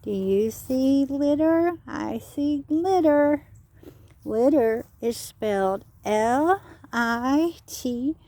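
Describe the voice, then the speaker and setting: A woman's voice: on the high side, creaky, mellow. A woman leading children on an outdoor nature walk, speaking patiently like a teacher, asking them questions and spelling words out letter by letter. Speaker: children's educator.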